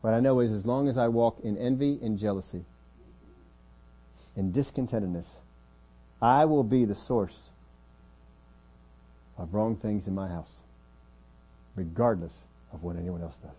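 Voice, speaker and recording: A man preaching a sermon as pastor of a church, earnest, often dropping his voice quiet to make a point. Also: lowish voice, a little slow, pauses often, breathy edge.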